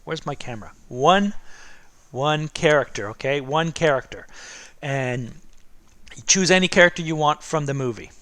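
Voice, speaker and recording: A man's voice: on the high side, lively intonation, normal speed, pauses often, fairly bright tone. Chatty man teaching a drawing demo. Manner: chatty, encouraging, asks "okay?" and "right?" constantly. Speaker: art teacher.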